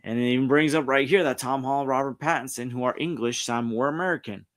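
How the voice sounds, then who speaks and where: A man's voice: mid-range voice, quick pace, a bit bright. Rambling New man streaming. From New York. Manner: rambling, frequent restarts and self-corrections. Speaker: streamer host. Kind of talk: casual pop culture commentary, reading articles aloud. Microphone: streaming setup mic.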